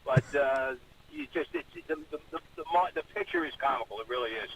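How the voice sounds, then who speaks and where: A man's voice: mid-range voice, wildly swooping pitch, a little fast, gravelly, a bit bright. A man calling in to a radio show by telephone, affable and folksy, stumbling over his words. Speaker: caller, county executive. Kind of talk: phone-in chat. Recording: noisy phone line.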